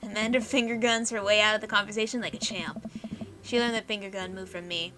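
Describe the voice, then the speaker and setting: A woman's voice: mid-range voice, fairly even intonation, fast talker, heavy background noise. A woman narrating a dating game and reacting to it with wry, chatty asides. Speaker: let's play host.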